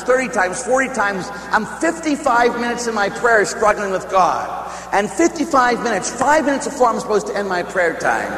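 In a reverberant hall with a faint hum and long echo, a priest tells a personal story at a retreat. His high, fairly bright voice performs the quoted lines and climbs in emphasis.

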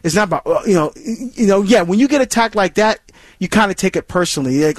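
Earnest high-voiced male radio host. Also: big pitch swings, fast talker, no room sound. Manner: earnest, repetitive restarts, mimics critics. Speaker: Catholic radio call-in host. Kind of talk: call-in radio talk on scripture.

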